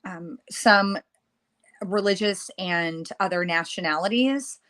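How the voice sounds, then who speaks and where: A woman in her thirties talks frankly in casual podcast chat, laughing easily and turning thoughtful. Her voice sits at a middling pitch. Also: slow pace, fairly bright tone. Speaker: podcast co-host.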